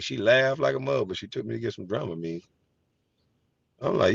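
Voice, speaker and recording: A middle-aged man hosting a casual chat, telling animated, profane stories and laughing easily. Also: mid-range voice, brisk, vocal fry, long pauses, husky. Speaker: host. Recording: dry, slightly dull sound.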